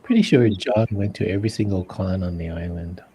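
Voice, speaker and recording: An artist co-host on an indoor drawing livestream talks a little fast in a low, warm voice with a slightly rough edge. He keeps the chat casual while drawing, laughing a lot and leaving sentences unfinished.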